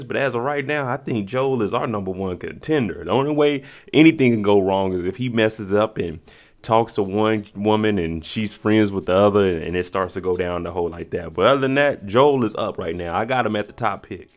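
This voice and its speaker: A man giving a casual, slangy recap of a dating show, animated and acting out what the cast members said. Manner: animated, slangy, acts out quotes in higher pitch. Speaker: YouTube reaction host.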